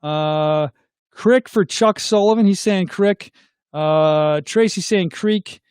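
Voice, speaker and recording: A middle-aged man hosts a casual live chat, reading viewer comments aloud and tossing questions back to his audience. His voice sits fairly high for a man. The sound is close and dry. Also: slow, darkish tone, smooth, no echo. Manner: chatty, reads comments aloud and asks viewers to weigh in.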